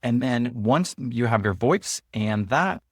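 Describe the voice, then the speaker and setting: A man hosting his own channel, walking viewers through an app in a relaxed, chatty way, loose with fillers and restarts. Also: mid-range voice, slow, slightly rough, no room sound, clean studio sound. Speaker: host and app founder. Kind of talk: casual screen-share walkthrough.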